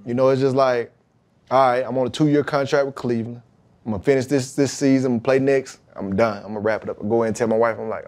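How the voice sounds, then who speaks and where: Man telling a story with lively acted quotes. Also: medium pitch, quick pace. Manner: animated, acts out quoted dialogue; relaxed slang-heavy talk with frequent "you know what I mean". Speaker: podcast guest, pro football player. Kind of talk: casual storytelling.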